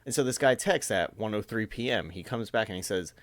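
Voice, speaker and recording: A man's voice: on the low side, expressive, brisk, no echo. A man reading texts aloud and commenting on them in a casual, amused reaction video.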